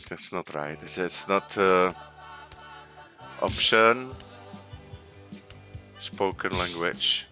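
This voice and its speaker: An excitable, chatty man giving casual gameplay commentary. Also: low voice, extremely slow, long pauses, soft background music. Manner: excitable and chatty, says "mate". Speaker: gameplay streamer.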